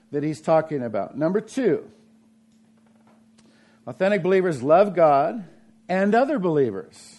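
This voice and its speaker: A middle-aged man preaching a conversational sermon, asking the congregation questions and swinging between raised emphasis and quiet, low asides. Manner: conversational preaching with frequent restarts and rhetorical questions. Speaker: pastor.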